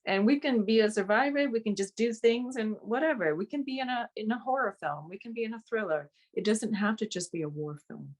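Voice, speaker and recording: A woman's voice: fairly high pitch, lively intonation, a little fast, hardly any pauses. Chatty laughing woman from Vietnam. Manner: chatty, laughs often between phrases. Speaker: actress being interviewed. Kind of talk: casual interview chat.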